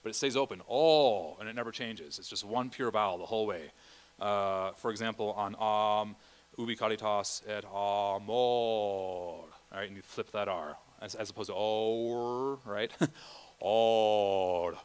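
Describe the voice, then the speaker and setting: A man's voice: fairly low pitch, steady tone, fairly quick, a bit bright. Man leading a choir rehearsal. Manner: chatty, sings vowel and Latin examples. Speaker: choir director. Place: church rehearsal room.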